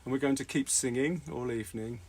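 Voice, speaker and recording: A man leads a gathering in a roundhouse and talks casually to people watching from afar. He is chatty and laughs readily, often restarting mid-sentence, at an everyday pitch, with faint noise in the background. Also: steady tone, brisk, a little mellow. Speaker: gathering leader. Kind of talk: casual address to an online audience. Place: roundhouse with thirty or forty people.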